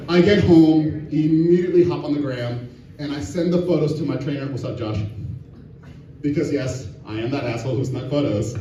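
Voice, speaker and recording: A man's voice: fairly high pitch, a little fast, mellow, a little hiss or hum. A man doing a crude stand-up comedy set, laughing at his own jokes, with a live audience laughing behind him. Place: distillery venue with live audience. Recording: distant, echoey, muffled venue recording.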